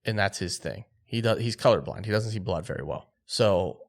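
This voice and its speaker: Man, low voice, lively hunting story, quotes people. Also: a little fast. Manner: animated storyteller, acts out quotes, laughs. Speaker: podcast host.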